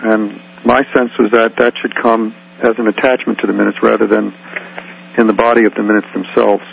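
Man, committee secretary, hesitant, husky, muffled phone line. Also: fairly low pitch, flat delivery, a little fast. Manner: hesitant, many uhs and ums. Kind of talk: phone conference meeting.

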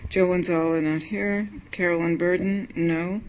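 A woman's voice: on the low side, steady tone, measured pace, a little hiss or hum, poor audio. A woman acting as board secretary, reading a roll call of names in a plain, clipped way in a large meeting room.

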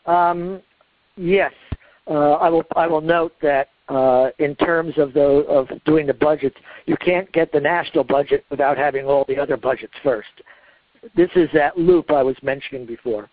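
A man with a slightly high voice chairs a committee meeting. He talks in a relaxed, halting way with lots of fillers. The sound is dry and thin, like a phone line. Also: no echo. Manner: relaxed, many fillers, drawn-out pauses.

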